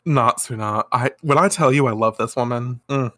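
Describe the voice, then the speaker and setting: A woman's voice: rumbling low, normal speed, few pauses, dry recording, studio quality. A woman chatting casually as a podcast co-host, recapping a cartoon episode with lots of laughing and fillers. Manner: animated, giggly, lots of fillers.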